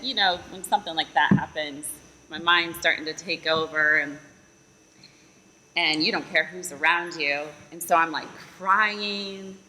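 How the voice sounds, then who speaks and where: A woman's voice: fairly low pitch, sharp tone. A young woman recounting her family story in an interview, candid and given to laughing. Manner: candid, laughs while acting out her past outbursts. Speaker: sister sharing a testimony. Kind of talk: emotional testimony interview. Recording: echoing reverb with faint ambient hiss.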